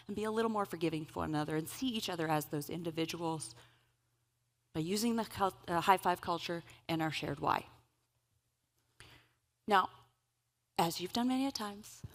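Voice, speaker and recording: A woman giving a conference keynote, telling stories in an animated, humorous way. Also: lowish voice. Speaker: keynote speaker. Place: event stage.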